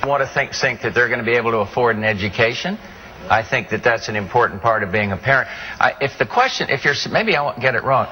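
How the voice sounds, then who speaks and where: An older man on a panel answers in a bright, forceful voice, fumbling and restarting as he goes. His voice carries a long reverb from the hall. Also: mid-range voice, expressive, quick pace.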